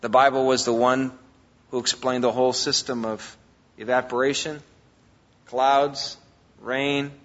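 A man preaching a sermon as a pastor, emphatic, swinging between loud and quiet. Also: medium pitch, little pitch movement, a little slow, long pauses. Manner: emphatic preaching, rises and drops in volume. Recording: long hall reverb, dull lo-fi sound.

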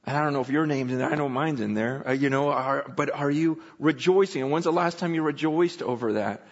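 A man with a high voice preaches to his congregation in a relaxed, conversational way, breaking into little acted-out voices as he speaks. The sound is a bit dull and muffled, with a long reverb trailing off the room. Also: brisk. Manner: conversational, animated, acts out quoted voices. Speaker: pastor. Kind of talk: sermon. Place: church sanctuary.

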